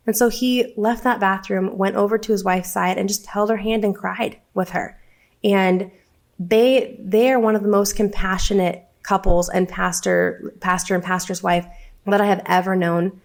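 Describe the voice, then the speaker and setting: A woman's voice: medium pitch, steady tone, moderate pace, a little mellow. A woman being interviewed as a guest on a podcast, speaking earnestly and with heartfelt conviction.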